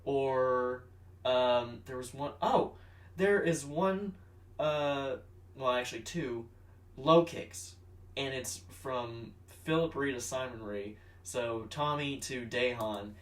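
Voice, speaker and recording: A man co-hosting a podcast in casual chat, relaxed and wry while explaining martial arts details. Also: medium pitch, slow. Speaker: podcast co-host. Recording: roomy room, mic at a distance.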